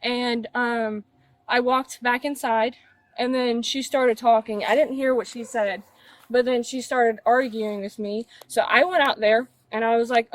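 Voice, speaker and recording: Upset nineteen-year-old woman, higher voice. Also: fairly even intonation, a little slow, dry recording, low-quality recording. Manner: emphatic, upset, blunt swearing. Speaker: witness in a police call. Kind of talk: agitated recounting of a fight. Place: outdoors at a residence. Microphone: officer's body camera.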